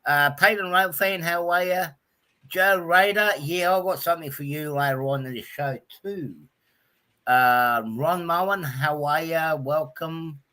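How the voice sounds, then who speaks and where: A man's voice: on the high side, unhurried, sharp tone. An Australian man hosting a casual livestream, chatting loosely and greeting viewers one by one with lots of ums. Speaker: livestream host.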